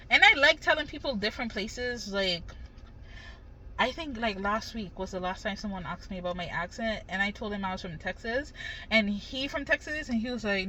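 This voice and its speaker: A woman's voice: a little high, brisk, sharp tone, low-quality recording. A young woman from the Caribbean talking in a loose, rambling way, full of slang and swearing. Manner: loose, slangy, cursing freely. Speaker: vlogger. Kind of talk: casual rambling monologue.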